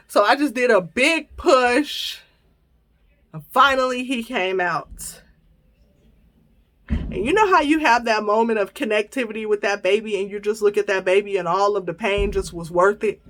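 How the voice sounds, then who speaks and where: Woman, 30s, podcast host, casual storytelling, animated, laughing, acts out her own lines. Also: medium pitch, normal speed, slight background noise.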